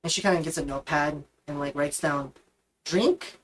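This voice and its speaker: A woman's voice: low-pitched, flat delivery, quick pace, noisy background. A woman narrating a tabletop game as game master in a casual, rambling way. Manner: casual, rambling, with many fillers.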